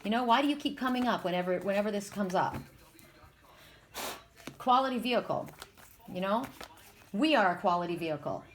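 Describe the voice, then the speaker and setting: A woman giving a spiritual card reading. She speaks straight to her audience with passion, circling back and repeating words to press a point home. Her voice sits at an ordinary pitch for a woman. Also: lively intonation, brisk, long pauses, a little hiss or hum. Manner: impassioned, talks straight to viewers, repeats words. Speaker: tarot card reader.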